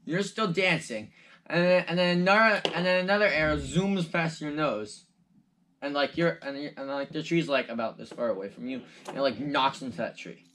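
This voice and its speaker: A man's voice: on the high side, moderate pace, background noise. A male game master narrating a tabletop game, rambling with many restarts.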